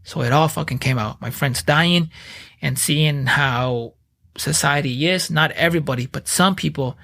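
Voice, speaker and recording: A man in his thirties, a podcast guest, telling his story in blunt, profane, animated casual speech. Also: a little high, normal speed, creaky.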